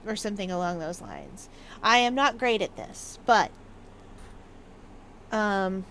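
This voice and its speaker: In this casual let's-play, the young woman hosting talks over her gameplay in a chatty, playful way, occasionally reading notes aloud as if in an old-fashioned voice. Her voice sits on the low side with a bit of brightness, and slight background noise is present.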